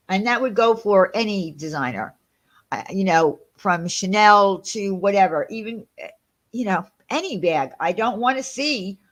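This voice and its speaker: A woman hosting her own channel, giving blunt, emphatic opinions in a casual rant. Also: medium pitch. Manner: blunt, ranting, emphatic dislikes. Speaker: YouTube channel host.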